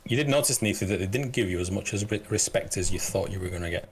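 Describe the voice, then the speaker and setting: Brief: low male game master, narrates in halting bits with plenty of "uh". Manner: halting narration, full of "uh" and restarts.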